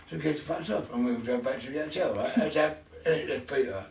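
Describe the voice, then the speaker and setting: A gravelly-voiced middle-aged man tells his stories in loose chat, swearing freely and laughing as he goes. He sounds set back from the mic in an echoey room, with faint noise behind him. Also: a little high, fast talker, hardly any pauses, recorded from a distance. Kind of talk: casual storytelling.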